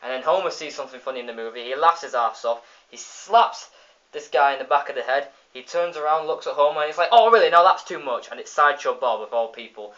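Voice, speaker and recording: A man's voice: mid-range voice, quick pace, fairly bright tone. A man giving a casual spoken review of a cartoon episode, retelling the plot in a rambling way with many restarts and fillers. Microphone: phone. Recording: dull lo-fi phone recording.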